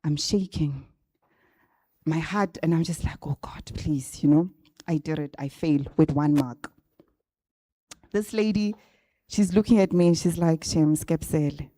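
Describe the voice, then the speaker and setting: A chatty woman tells her story to a live room of graduates, often turning to them with "right?". Her voice is mellow and sits a little low, and the sound is close and dry. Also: measured pace, pauses often, no echo. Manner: chatty, addresses the audience directly with frequent "right?". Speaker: guest speaker at a graduate bootcamp. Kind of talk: casual storytelling talk to a live audience. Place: event venue with a live audience. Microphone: handheld or stand microphone.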